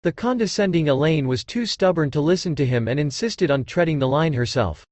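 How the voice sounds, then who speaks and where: Lively male audiobook narrator. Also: a little high, brisk, no room sound. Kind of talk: scripted narration.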